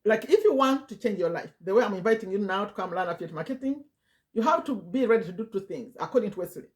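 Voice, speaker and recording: A woman in her fifties speaks to her viewers from home in a motivational vlog. She repeats her points and presses them home in a coaxing way. Her voice sits in an ordinary middle pitch. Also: expressive, quick pace, a little mellow. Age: 50s. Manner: repetitive, emphatic, coaxing. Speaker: affiliate marketing vlogger. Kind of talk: motivational direct-to-camera talk.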